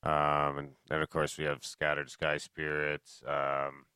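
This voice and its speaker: Deep-voiced joking podcast co-host man. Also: completely flat delivery, measured pace, pushed and bright, clean tone, dry recording. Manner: joking, profane banter. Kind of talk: casual chat.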